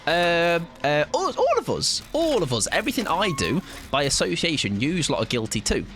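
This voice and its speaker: A man with a British accent giving animated live gaming commentary, swearing and laughing a lot. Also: fairly high pitch, moderate pace. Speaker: streamer. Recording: game music playing under the voice.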